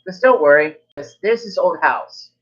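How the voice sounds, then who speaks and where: Slick pirate barkeep, talks fast to sell a job, played by a game master, lo-fi sound. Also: medium pitch, expressive, a bit bright, pitched above the performer's own voice. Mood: persuasive. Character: squid-hatted male pirate barkeep, friendly and scheming.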